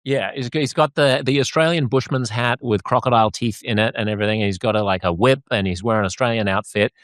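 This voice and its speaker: A man's voice: medium pitch, fast, a bit bright, no room sound. A man hosting a podcast interview, chatty and jokey, often laughing as he talks. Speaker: podcast host. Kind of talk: casual interview chat.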